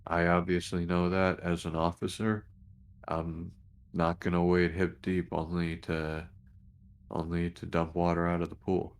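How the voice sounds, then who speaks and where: A man playing a station commander in a tabletop role-play, talking haltingly with many restarts. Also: deep voice, monotone, smooth. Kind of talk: tabletop role-play, in character and narrating actions.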